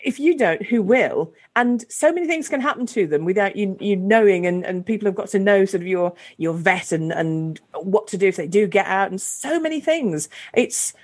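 A woman hosts a casual conversation in a friendly, talkative way. She often closes her points with tag questions. Her voice sits at an ordinary middle pitch. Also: a little mellow. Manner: chatty, asks tag questions. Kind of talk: casual chat.

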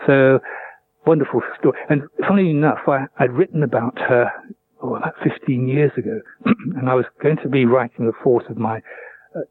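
A man's voice: medium pitch, husky. Older man reading over a tinny phone line. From England. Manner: measured, reflective storytelling. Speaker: author and retired vet. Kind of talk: interview with a book reading.

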